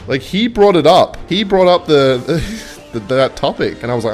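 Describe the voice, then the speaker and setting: A man's voice: mid-range voice, lively intonation, moderate pace, faint music behind. Rambling, foul-mouthed young man storyteller. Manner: rambling, swears a lot, self-interrupting. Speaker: gaming video creator. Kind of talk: casual storytelling over gameplay.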